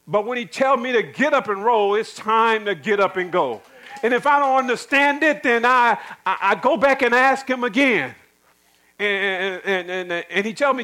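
A man's voice: high-pitched, normal speed, pushed and bright, poor audio. A middle-aged man preaching a sermon in an emphatic, repetitive way, with folksy asides.

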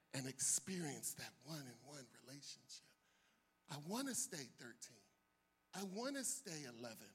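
Animated older man preaching a sermon. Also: fairly high pitch, slightly rough. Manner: animated preaching, swinging from soft to loud bursts. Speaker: pastor.

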